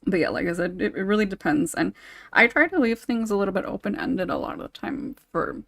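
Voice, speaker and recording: A woman's voice: medium pitch, a little fast, gravelly, no echo. A woman who writes ASMR scripts, talking in a casual podcast discussion and rambling with lots of fillers.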